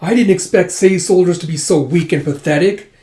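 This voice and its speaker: A man voicing a defiant young noblewoman facing execution, speaking high and loud with fierce intensity. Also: fairly quick, close to an everyday voice. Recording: roomy echo.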